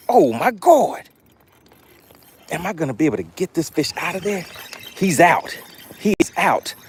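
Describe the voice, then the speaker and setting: A man hosting a live fishing stream, exclaiming excitedly as he shows off his catch. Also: fairly high pitch, breathy edge. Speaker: fishing livestream host.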